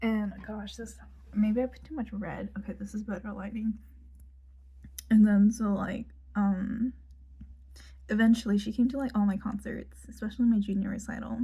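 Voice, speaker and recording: Breathy young woman rambling storytime. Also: medium pitch, fairly even intonation, moderate pace, dark tone. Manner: rambling, many fillers, drops into whispered asides; talks while doing her makeup. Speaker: vlogger. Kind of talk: casual storytime.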